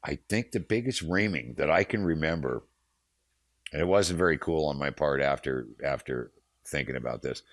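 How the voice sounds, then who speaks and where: A man's voice: a bass voice, moderate pace, no echo, studio quality. A man, a touring veteran telling heated, profane road stories in a casual interview. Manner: profane, heated storyteller, acts out quotes. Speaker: touring manager guest.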